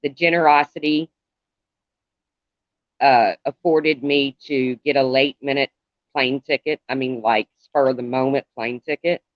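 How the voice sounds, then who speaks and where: A middle-aged man talking to viewers on a live stream in a halting, rambling way, calling out commenters by name. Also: medium pitch, steady tone, no echo. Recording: dull lo-fi, dry sound.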